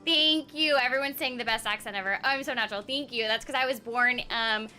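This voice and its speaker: A young woman streams a game, joking with her chat and reading messages out loud. Her voice is high, very bright and animated. Faint music plays in the background. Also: fast. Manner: playful, jokey, reads chat aloud. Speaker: streamer and voice actor. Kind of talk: casual live-stream chat while gaming.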